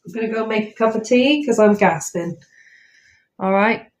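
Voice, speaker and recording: Here a woman with a mid-range voice talks at a normal speed, rambling casually with lots of ums. She's a paranormal investigator streaming live on a phone from a house at night, and the recording picks up the echo of its roomy interior.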